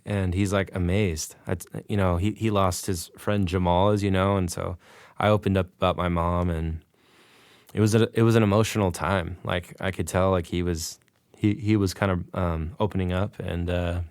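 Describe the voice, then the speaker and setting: A man with a low-pitched voice speaks at a normal speed as a podcast guest, excitedly telling a casual story and playing out the dialogue. The recording is dry.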